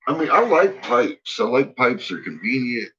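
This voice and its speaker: A man's voice: sing-song, normal speed. A man vlogging casually from home, rambling and swearing as he chats. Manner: rambling, swearing, talks to his dogs in a high teasing voice. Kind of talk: casual home vlog chat. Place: home with barking dogs. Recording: dull lo-fi home recording with clear background noise.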